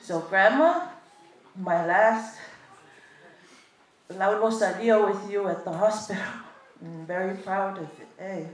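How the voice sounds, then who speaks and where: A woman speaks a heartfelt farewell at a memorial, moving between English and an island language. She talks slowly and unhurriedly. Her voice comes from some way off the mic and rings around a big reverberant hall. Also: medium pitch, far from the mic. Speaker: family member speaking at a memorial service. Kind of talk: tearful farewell speech. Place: large echoey hall at a family service.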